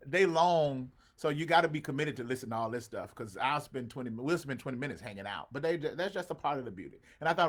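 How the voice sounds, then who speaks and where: A man's voice: mid-range voice, lively intonation, a little fast, hardly any pauses. A man, a pastor hosting an online show, talking casually with his congregation and calling out to viewers by name, with preacher-like swells. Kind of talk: casual livestream talk with a congregation.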